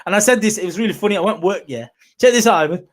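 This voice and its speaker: A man hosting a podcast in casual chat, animated and quick to act out quotes in a raised voice. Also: high voice. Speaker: podcast host.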